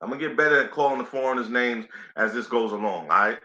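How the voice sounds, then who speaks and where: Male stream host, easygoing and talkative, bright tone, dull lo-fi mic. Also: mid-range voice, fast talker. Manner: laid-back, chatty, says "you know what I'm saying" a lot. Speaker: boxing play-by-play host. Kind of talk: casual live commentary stream. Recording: echoey room, dull lo-fi sound.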